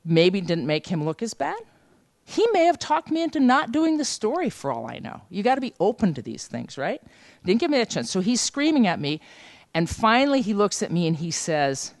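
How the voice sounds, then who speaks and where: A woman leading a journalism seminar, telling a lively anecdote and acting out the voices of the people in it. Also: on the low side, moderate pace, no room sound, clean studio sound. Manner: lively anecdotal, acts out quoted dialogue. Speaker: journalism trainer. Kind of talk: storytelling seminar talk. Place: seminar room.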